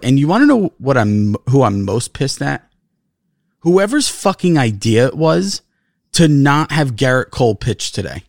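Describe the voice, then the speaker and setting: Co-host, male, heated sports rant, swearing, very animated delivery, dry close mic. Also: medium pitch, a little slow, dry recording. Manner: profane, frustrated, repeats himself. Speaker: podcast co-host.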